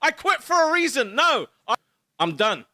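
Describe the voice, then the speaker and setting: A man's voice: extremely high pitch, big pitch swings, moderate pace, pushed and bright, no echo, studio quality. A man co-hosting a stream in casual chat, blunt and venting, swearing as he talks.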